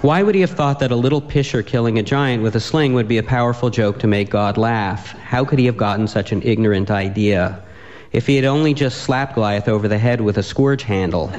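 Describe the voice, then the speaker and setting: Deadpan man reading a comic story. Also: medium pitch, fairly quick, highs cut off.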